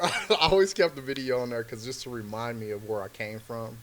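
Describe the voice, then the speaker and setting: A man's voice: mid-range voice, a little fast, hardly any pauses, crowd noise. A man, a comedian guest on a podcast, telling a story in loose, slangy talk full of filler words. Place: podcast studio.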